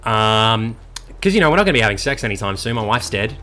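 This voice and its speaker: A young Australian man commenting on a video game as he plays, excitable and jokey, swearing a lot. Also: fairly low pitch, fast talker. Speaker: gaming channel host. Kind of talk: let's play commentary.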